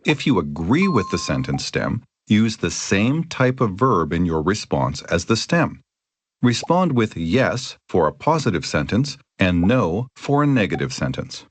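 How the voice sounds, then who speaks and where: Reading a scripted grammar lesson at a measured pace, a lively male narrator with a low voice keeps his instruction clear and steady. He performs the example lines.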